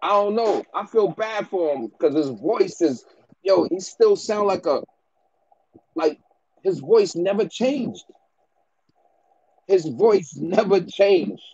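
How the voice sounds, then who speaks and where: A man's voice: high-pitched, animated, slow, long pauses, a little mellow, breathy edge, lo-fi sound. A man who breeds dogs, giving business advice in a casual rant to the camera, slangy and repetitive, often ending lines with "bro" and "man".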